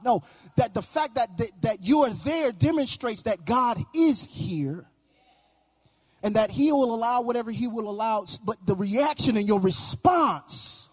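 A man's voice: very high-pitched, animated, normal speed. A male pastor preaching a sermon with emphatic, sing-song cadence and frequent repetition.

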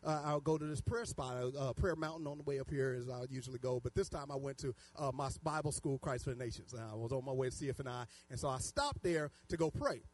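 A man preaching a sermon, telling stories animatedly and swinging from loud outbursts to hushed asides. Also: medium pitch, quick pace, hardly any pauses. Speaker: pastor. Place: church.

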